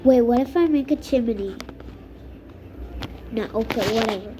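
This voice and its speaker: A woman's voice: fairly high pitch, a little slow, background noise. A young woman muttering exasperated commentary while playing a building game, with dramatic outbursts. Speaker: gamer. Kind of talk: gaming commentary.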